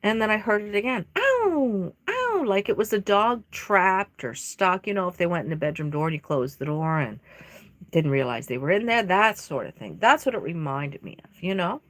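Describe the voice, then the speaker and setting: A woman chatting casually while she paints a doll on a live stream, telling rambling stories in an expressive way. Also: lowish voice, fairly quick, dry recording.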